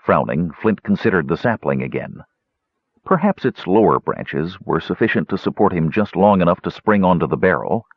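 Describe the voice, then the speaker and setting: A man narrating a fantasy audiobook in an expressive, measured storytelling voice. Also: low voice, slightly rough, no echo. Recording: dull lo-fi, dry audio.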